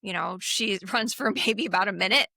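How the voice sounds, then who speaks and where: Middle-aged woman, podcast co-host, lively retelling of film scenes with quick acted-out lines; bright tone, dry close sound. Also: medium pitch, vocal fry, dry recording. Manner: retells scenes acting out lines, laughs often. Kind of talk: casual film rewatch chat.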